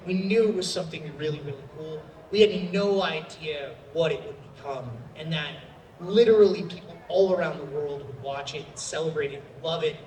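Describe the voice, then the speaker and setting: A man, a voice actor, answering audience questions at a convention panel in a chatty, animated way with many fillers. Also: a little high, slight background noise. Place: large convention hall. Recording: roomy hall sound from a distant mic.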